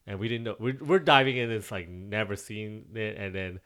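Chatting about a film on a podcast he co-hosts, this man jokes and rambles at a normal speed, bursting into laughter and goofy noises. His voice is lowish with a fairly bright tone, and a film soundtrack plays faintly in the background.

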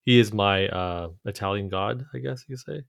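Laid-back lower-voiced man in casual chat. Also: creaky, a bit bright, no echo, studio quality. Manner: laid-back, halting, joking. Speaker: podcast co-host.

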